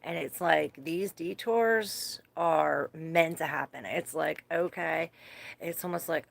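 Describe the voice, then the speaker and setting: A woman with a low, gravelly voice reads tarot cards live for her audience. She keeps it loose and chatty, laughing easily and dropping curse words along the way. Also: slow pace. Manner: chatty, swears freely, laughs often. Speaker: tarot reader. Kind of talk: casual live tarot reading.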